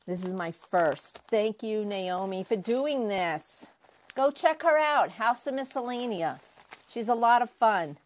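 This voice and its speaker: A woman crafting vlogger unboxing prizes she won, gushing and excitable, often repeating herself. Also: mid-range voice, a little slow, a little hiss or hum. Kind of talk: casual unboxing vlog.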